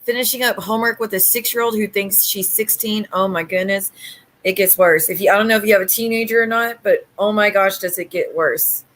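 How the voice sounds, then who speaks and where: A woman hosting a casual livestream at home, talking bluntly and sassily with quick retorts to her viewers. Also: mid-range voice, fairly bright tone. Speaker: livestream host.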